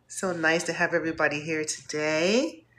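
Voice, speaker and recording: A woman from Northeast Ohio hosting a live stream, warmly greeting viewers by name in an effusive, upbeat way. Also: sits low, fairly even intonation, normal speed, noisy background. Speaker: host.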